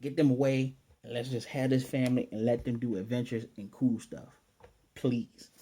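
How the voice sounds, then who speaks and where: A man hosting an anime review, recapping an episode in an excitable, rambling way and slipping into quick character impressions. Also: medium pitch, slightly rough. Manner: excitable and rambling, often restarts sentences. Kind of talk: casual spoken episode recap.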